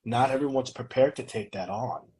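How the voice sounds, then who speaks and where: A man's voice: medium pitch, normal speed, warm tone, a little hiss or hum, low-quality recording. A young man hosting a podcast, chatting casually and telling stories in a rambling way, often breaking into laughter. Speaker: podcast host. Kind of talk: casual chat.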